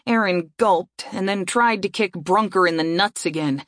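A woman narrating a fantasy audiobook in a steady storytelling voice. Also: on the low side, normal speed, no echo, clean studio sound.

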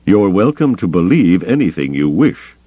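A man voicing a cold, calculating alien admiral in a calm, measured, dry manner, on a slightly muffled recording. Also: low-pitched, breathy edge, dry recording, voice pushed up, heavily acted. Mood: cool.

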